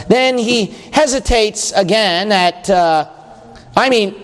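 A male preacher with a high voice delivers a sermon in a conversational style. He reads scripture passages aloud and keeps asking the congregation questions. A long reverb trails his words through the hall. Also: slow pace.

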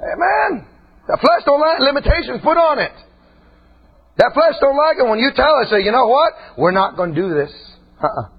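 A man preaching a fiery sermon in a folksy way, dropping to quiet talk and rising to shouts. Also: very high-pitched, sing-song, normal speed. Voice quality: husky. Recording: dull lo-fi church recording.

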